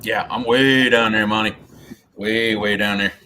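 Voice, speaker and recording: A man's voice: lowish voice, fairly even intonation, unhurried, pushed and bright. A man from Louisiana with a Southern Louisiana accent, chatting casually on a fishing live stream, repeating words as he goes. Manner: drawling, repeats words as he talks. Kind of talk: casual chat. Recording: faint outdoor background noise.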